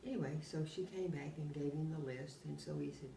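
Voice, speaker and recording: An older woman, telling rambling anecdotes in a casual, animated way and often laughing as she talks. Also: low-pitched, a little fast, creaky. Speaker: oral history interviewee. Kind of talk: casual storytelling. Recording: roomy, distant mic, faint background hum.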